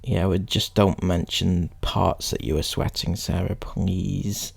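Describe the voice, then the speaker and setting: A man's voice: deep voice, steady tone, takes it slowly, creaky, hardly any pauses, husky. A young man giving sarcastic, mocking commentary as he reacts to a social media post. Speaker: commentary YouTuber.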